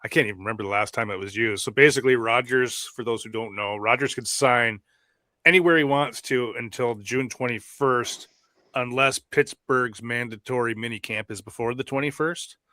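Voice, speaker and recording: A man's voice: mid-range voice, moderate pace, sharp tone, no echo. Male co-host, blunt and opinionated, mid-range voice, dry close recording. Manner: opinionated, swears casually, explains rules to listeners. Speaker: podcast co-host. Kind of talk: casual chat.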